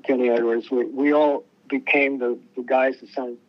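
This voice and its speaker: Medium in pitch and steady in tone, this male musician guest speaks at a moderate pace in a muffled recording. He tells casual interview stories loosely, restarting often and voicing the people he quotes.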